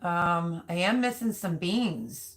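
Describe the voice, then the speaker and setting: Middle-aged woman, deep speaking voice, easygoing rambling host of a home live chat. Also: expressive, takes it slowly. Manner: chatty, rambling, many ums. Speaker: livestream host. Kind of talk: casual live chat reading comments.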